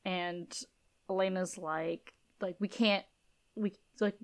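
A woman co-hosting a podcast, casually recapping a TV episode and acting out characters' lines in a lowered, quiet voice. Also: slow. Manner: animated retelling, acts out lines in low soft voices. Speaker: podcast co-host.

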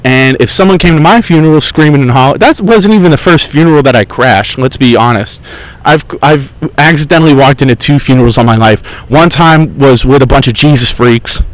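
A man's voice: mid-range voice, a little fast, low-quality recording. Young man, podcast host, casual chat, profane, sarcastic, rambling. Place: outdoors in a park.

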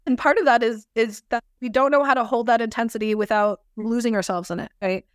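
A woman's voice: on the high side, steady tone, brisk, smooth, no echo, studio quality. Laughing, reflective woman guest. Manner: reflective, laughs often, many restarts. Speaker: somatic experiencing practitioner, guest. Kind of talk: casual podcast conversation.

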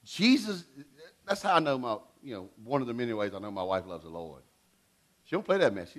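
Preaching with animation, this middle-aged pastor speaks briskly at a medium pitch. His delivery shifts back and forth from loud to hushed.

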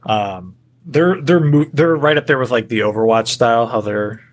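A man's voice: medium pitch, moderate pace. A man co-hosting a casual podcast, easygoing, laughing often, with many fillers. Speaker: podcast co-host. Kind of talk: casual chat.

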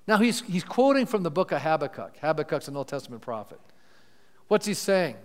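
A male pastor preaching a sermon, asking his congregation questions and retelling scripture in lively paraphrase. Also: fairly high pitch, fairly quick. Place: church sanctuary. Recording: church hall with long reverb.

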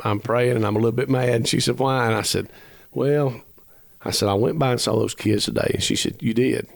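A man's voice: fairly low pitch, creaky, dry recording, studio quality. A man, telling a long personal story as a podcast guest, earnest and rambling, acting out the dialogue as he goes. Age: 50s. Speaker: musician guest.

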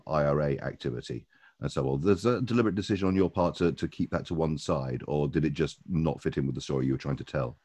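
A man's voice: very deep voice, darkish tone. A man hosting a podcast, asking long questions with many repeated words and restarts. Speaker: podcast host. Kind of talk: interview questions.

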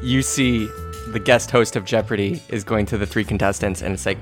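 A man running a tabletop game as game master, excitable and quick to laugh. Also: a little high, soft background music.

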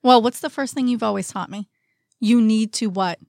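A woman's voice: fairly high pitch, moderate pace, creaky, a little mellow, dry recording, clean studio sound. A woman co-hosting a casual parenting chat, candid and confiding, talking straight to her listeners. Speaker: podcast co-host.

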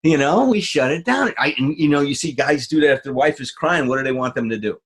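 Casting: husky male co-host, swooping animated delivery. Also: a little fast. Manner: animated, acts out quoted voices with big pitch jumps. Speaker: therapist podcast co-host. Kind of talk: casual conversation.

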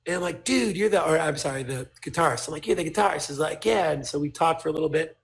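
A man, a podcast guest telling a story in casual chat, animated and swearing as he acts out what people said. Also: on the high side, fast talker, creaky.

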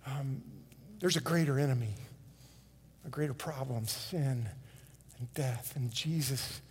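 A man with a high voice preaching a sermon from the pulpit, emphatic and dramatic, often repeating words and restarting phrases as he builds his point. He acts out quotes in his delivery. The sound carries a long reverb from a large church hall. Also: mellow, breathy edge. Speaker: pastor. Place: church sanctuary.

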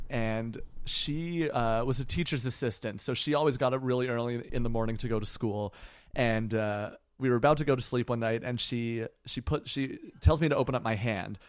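A man who is a guest on a podcast. He tells a story in a halting way, with many restarts, and laughs as he talks. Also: mid-range voice, dry recording. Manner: halting, full of restarts, laughs while talking. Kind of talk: casual storytelling.

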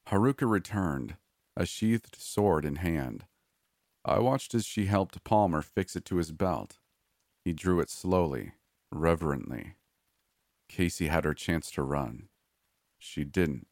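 A man narrating a first-person horror story in a measured, grim way. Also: low voice, lively intonation, a little mellow, no echo, studio quality.

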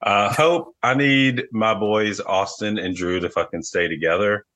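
A man's voice: fairly low pitch, unhurried, fairly bright tone. A man co-hosting a casual podcast recap, joking and swearing freely. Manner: profane and joking. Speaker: podcast co-host.

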